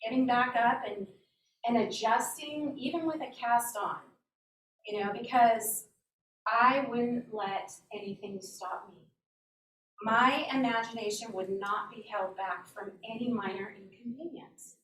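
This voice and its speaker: A woman giving an earnest, animated inspirational talk as a guest speaker in a church hall. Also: on the high side, a little slow. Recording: roomy echo from a distant mic, faint hum.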